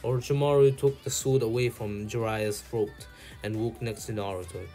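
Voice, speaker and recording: Man reading a story aloud haltingly. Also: on the low side, fairly even intonation, dark tone, faint music behind. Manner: halting reading with self-corrections and asides. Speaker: fan fiction reader. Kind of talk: reading fan fiction aloud.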